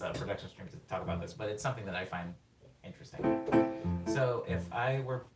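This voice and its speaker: A man on a live production stream, excitedly explaining rhythm while rambling and interrupting himself, sometimes singing words on the beat. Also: lowish voice. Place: home studio during a live production stream. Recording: roomy room sound, mic at a distance, faint music.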